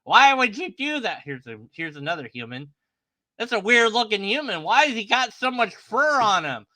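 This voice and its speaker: A man's voice: high voice, big pitch swings, moderate pace, pushed and bright. A man hosting a casual online video, talking sarcastically through a string of questions and mock voices. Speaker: YouTube host. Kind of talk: casual commentary on images.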